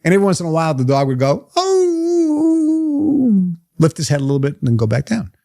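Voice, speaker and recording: A man's voice: mid-range voice, expressive, very fast, vocal fry, warm tone. A man giving an emphatic motivational talk to a live group, firing off rhetorical questions. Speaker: motivational seminar speaker.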